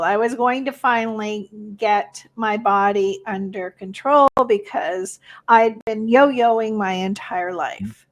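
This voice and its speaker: A woman hosts an interview podcast, speaking frankly about her own experience before turning it into a question for her guest. Her voice is a little higher than average and full of expression. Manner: candid and expressive, asking questions. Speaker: podcast host. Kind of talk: casual interview conversation.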